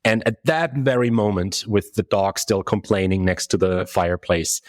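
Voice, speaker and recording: Low-voiced guy running a tabletop game, stops and restarts a lot, totally dry sound. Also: no room sound. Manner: halting, with frequent restarts and fillers. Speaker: game master.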